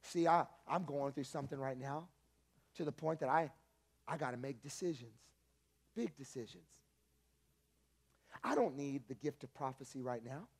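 A man's voice: mid-range voice, normal speed, long pauses. A male pastor preaching a sermon in a conversational, emphatic storytelling manner.

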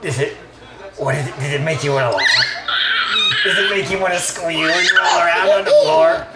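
A man's voice: on the high side, normal speed. A father talking playfully to his baby in a teasing, sing-song voice that is put on and strained. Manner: teasing, sing-song, putting on a strange gravelly voice. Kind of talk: playful baby talk to an infant. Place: home room. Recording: echoey home video with loud noise.

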